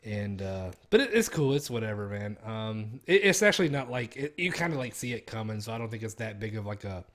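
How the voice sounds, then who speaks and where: A man's voice: on the low side, sing-song, a little fast, few pauses, a bit bright. A young man streaming, chatting casually in a rambling, profane way and laughing at his own stories. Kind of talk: casual chat.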